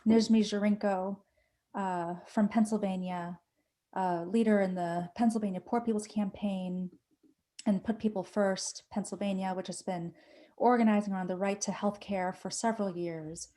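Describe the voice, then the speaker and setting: A woman moderating a panel discussion, speaking in a measured, thoughtful way. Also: mid-range voice, fairly even intonation, mellow.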